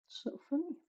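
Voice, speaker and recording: On a coloring live stream, a Dutch woman with a Dutch accent chats casually, reading the chat aloud and laughing often. The audio sounds dull.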